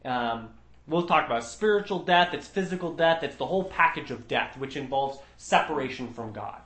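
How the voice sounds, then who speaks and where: Man leading a Bible study, slightly high voice, earnest and emphatic, roomy echo. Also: animated, normal speed, fairly bright tone. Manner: earnest, emphatic, with frequent restarts.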